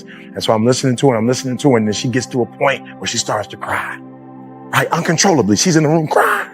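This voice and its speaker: A man giving a motivational speech in a preacher's style, moving from low, quiet stretches to loud shouted peaks. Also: animated, fast, faint music behind. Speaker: motivational speaker.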